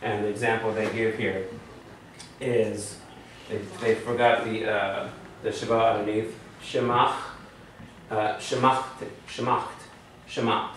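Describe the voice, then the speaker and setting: A man's voice: fairly low pitch, little pitch movement, a little slow, a bit bright. Guy teaching a class, walks through rules and asks students questions, sounds distant, faint hiss behind. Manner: explains step by step, quizzes students. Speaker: Hebrew teacher. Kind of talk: classroom lesson. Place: class room. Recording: very echoey room, far from mic.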